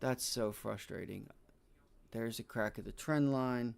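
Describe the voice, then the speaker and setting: A man streaming his live trading, frustrated and swearing heavily, with shouted outbursts and stretches of low muttering to himself. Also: a little slow, vocal fry, smooth. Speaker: day trading livestreamer.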